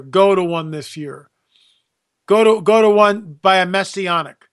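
A man's voice: sits high, a bit bright. A man hosting a radio show, talking casually and animatedly, restarting his sentences as he goes. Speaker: radio host.

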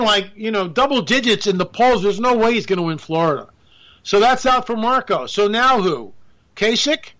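A man holds forth in a sarcastic, rambling political monologue. His voice sits high and bright, with a sharp edge as he piles on asides and mock disbelief. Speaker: political commentator. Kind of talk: opinionated monologue.

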